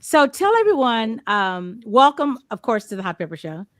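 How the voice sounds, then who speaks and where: A woman's voice: fairly high pitch, very animated, moderate pace, dry recording, clean studio sound. A woman hosting a casual interview, chatty and playful, acting out quotes as she talks. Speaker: host.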